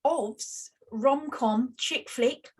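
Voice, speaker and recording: A woman's voice: high-pitched, extremely slow, a little mellow, slightly rough. A British woman co-hosting a podcast, chatting casually and laughing often. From United Kingdom. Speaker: podcast co-host. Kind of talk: casual chat.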